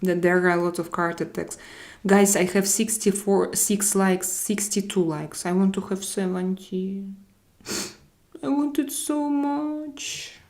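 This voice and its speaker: A woman's voice: fairly low pitch, little pitch movement, normal speed, darkish tone. A woman from Russia with a Russian accent, hosting a casual live stream and answering viewers' comments as she switches between languages. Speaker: live-stream host reading chat.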